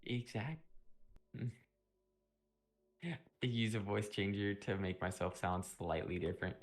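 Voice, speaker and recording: Deep gravelly young man streaming. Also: takes it slowly. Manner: rambling, laid-back storytelling with frequent throat clearing. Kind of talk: casual chat while streaming.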